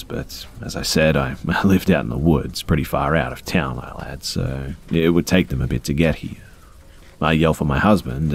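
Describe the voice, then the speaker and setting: Male narrator for scary story readings: extremely low voice, breathy edge, calm and measured. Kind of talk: reading first-person scary stories aloud.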